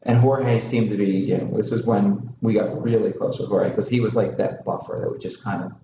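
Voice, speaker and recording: Man podcast co-host, animated storyteller, casual chat, roomy and slightly dull sound, faint noise behind. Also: lowish voice, fairly quick, gravelly. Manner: animated, mimics others in raised voices while telling stories. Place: small warm room.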